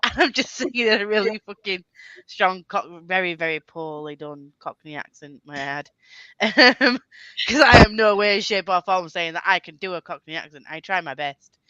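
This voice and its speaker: A woman's voice: on the low side, normal speed, pushed and bright, smooth, dry recording, muffled recording. A woman hosting a casual chat, laughing often and swearing freely. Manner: laughs often, swears, slips into silly voices. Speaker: host.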